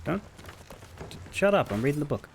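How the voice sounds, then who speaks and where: A male streamer chats casually over his game, joking and swearing in exasperation. His voice rises and falls lively. A faint noise hums under it. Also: on the high side, fairly quick, creaky. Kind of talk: casual gameplay commentary.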